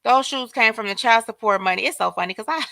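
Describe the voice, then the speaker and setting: Bright high-voiced woman hosting a livestream. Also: fast, vocal fry, dry recording. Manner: animated, talks straight to viewers, reads out chat names. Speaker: livestream host. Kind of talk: casual commentary chat.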